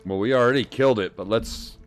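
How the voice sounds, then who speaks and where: A man's voice: fairly low pitch, brisk, faint music behind. A man streaming a game playthrough, commenting in a casual, blunt way. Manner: casual, blunt, exclaims in disgust.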